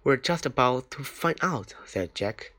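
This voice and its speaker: Slow, careful man reading a storybook. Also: mid-range voice, lively intonation, fairly bright tone. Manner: slow, careful reading with small slips and restarts. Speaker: reader. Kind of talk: reading a children's book aloud.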